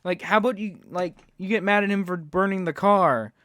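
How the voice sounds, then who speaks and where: A man's voice: high voice, brisk, a bit bright, no echo, studio quality. A man hosting a reaction video, talking sarcastically and ranting at what he watches. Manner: sarcastic, ranting, mocks with put-on quotes. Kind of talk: reaction commentary.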